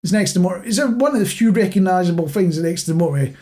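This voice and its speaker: A man's voice: high voice, animated, fast talker, dark tone. Rambling male podcast co-host. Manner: chatty, rambling, self-mocking. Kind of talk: casual chat.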